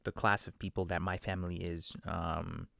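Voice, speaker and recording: A man's voice: low-pitched, little pitch movement, moderate pace, creaky, bright, forceful tone, no room sound, studio quality. A man from South Africa telling a casual, conversational story and addressing the listener with a mild curse or two. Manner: conversational, mildly profane, talks to the listener. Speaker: podcast guest storyteller. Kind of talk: casual monologue.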